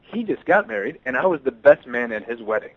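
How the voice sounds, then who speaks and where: A man telling of his street evangelism in a casual testimony, eager and halting, often repeating words. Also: mid-range voice, big pitch swings, slightly rough, no echo, narrow, tinny audio.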